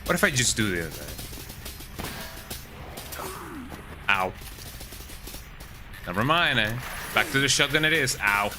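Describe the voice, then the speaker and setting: A man's voice: medium pitch, sing-song, slow pace, long pauses, over music. A man streaming a video game while sick with a cold, chatting casually and tagging his lines with "eh?". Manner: laid-back chatter, tags lines with "eh?".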